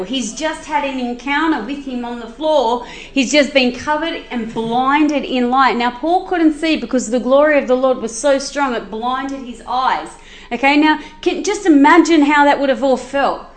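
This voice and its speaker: High-voiced woman retelling a Bible story. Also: moderate pace, roomy sound. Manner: animated, chatty, with many restarts and asides. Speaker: Bible teacher.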